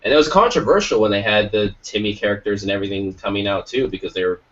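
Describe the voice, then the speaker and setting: A man's voice: on the low side, fast talker, noisy background. A man hosting a podcast in casual chat, rambling along and swearing now and then. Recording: lo-fi, distant from the mic.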